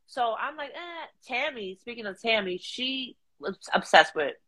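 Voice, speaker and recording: A middle-aged woman, telling a story in casual chat, slangy and animated, slipping into quoted voices. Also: on the high side, measured pace. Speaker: guest.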